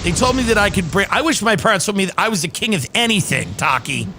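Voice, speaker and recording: A man's voice: high voice, lively intonation, fast talker, vocal fry, music in the background. A man hosting a casual comedy podcast, rambling and reading news quotes aloud with dry sarcasm. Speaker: podcast host.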